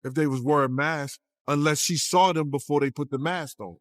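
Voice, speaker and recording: A man with a fairly high voice talks casually and with emphasis, using street slang and repeating words. The recording is dry and close. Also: moderate pace, dry recording. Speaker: commentator in a clip. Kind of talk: casual talk.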